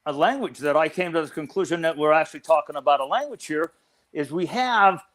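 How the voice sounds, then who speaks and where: An older man with a notably high voice speaks as an interview guest. He explains ideas step by step, often circling back and restarting his phrases as he thinks. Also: expressive, a little fast, a bit bright. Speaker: cryptozoology researcher guest.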